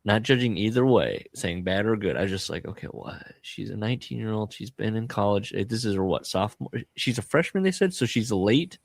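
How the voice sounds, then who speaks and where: A man's voice: fairly low pitch, animated, a little fast, vocal fry, hardly any pauses, dry recording. A man hosting a podcast, chatting casually about a film and acting out the characters' lines as he retells it. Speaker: podcast host.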